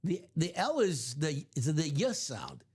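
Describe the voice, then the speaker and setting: A man's voice: fairly high pitch, wildly swooping pitch, a little slow, darkish tone, slightly rough. A man hosting a live sports card break stream, chatting casually in a rambling, self-correcting way. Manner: rambling, self-correcting, chuckles at own stories.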